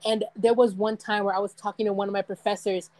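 A woman's voice: medium pitch, level tone, fast, a little mellow, no room sound, rough recording. A young woman in casual chat, rambling and laughing often as she tells stories.

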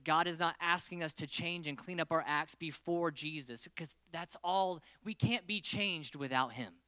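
Man, casual joking sermon, bright clear voice, dry sound. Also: on the high side, no room sound. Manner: playful, joking with the crowd. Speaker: preacher.

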